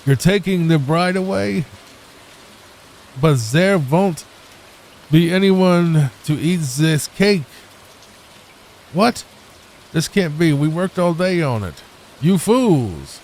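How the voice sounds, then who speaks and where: Man putting on a fussy chef voice, mock German accent, slow, fairly high. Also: expressive, darkish tone, a little hiss or hum. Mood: dismayed. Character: fussy male cake chef.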